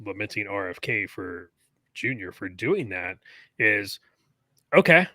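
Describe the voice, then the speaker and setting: A man's voice: on the low side, sing-song, a little slow, sharp tone, no room sound. A man co-hosting a podcast in casual chat, talking loosely with lots of fillers and tangents. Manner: chatty, goes off on tangents with many fillers. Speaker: podcast co-host.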